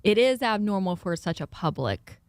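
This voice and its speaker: A woman's voice: medium pitch, big pitch swings, normal speed, no echo. A woman reporter appearing as a radio guest, explaining the news in a chatty, easygoing way from a studio. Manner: chatty, explanatory, with light laughs. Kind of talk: conversational news analysis. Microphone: close studio microphone.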